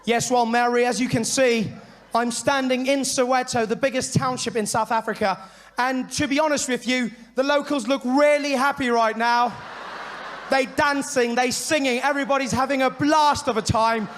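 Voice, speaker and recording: A man's voice: very high-pitched, fairly even intonation, normal speed, a bit bright, pitched above the performer's own voice. A man voicing an upbeat male foreign news correspondent reporting live on air. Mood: cheery.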